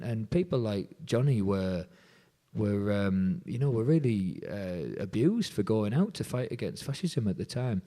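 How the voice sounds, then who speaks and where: A folk musician being interviewed, retelling a story with lively quoted dialogue. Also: male voice, lowish voice.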